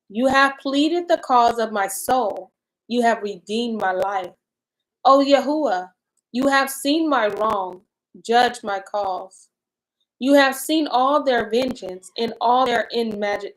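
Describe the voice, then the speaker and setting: Higher-pitched woman reading bible verses slow, then chatting casual about them. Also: poor audio. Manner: reads verses slowly, then chats in animated bursts. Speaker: co-host reading and discussing scripture. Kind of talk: scripture reading and casual discussion.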